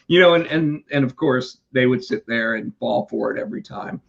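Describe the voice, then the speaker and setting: A man telling a work story in casual chat, animated and profane, putting on voices for the callers. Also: fairly high pitch, moderate pace, gravelly. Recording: dull lo-fi sound.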